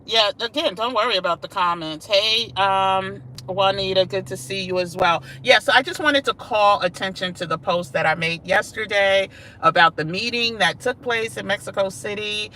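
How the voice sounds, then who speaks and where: A woman's voice: medium pitch, normal speed, pushed and bright, slight background noise. A woman hosting a casual live stream from her car, sassy and chatty, talking straight to her viewers. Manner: sassy, chatty, calls viewers "y'all" and "child". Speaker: vlog host. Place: in a car while driving.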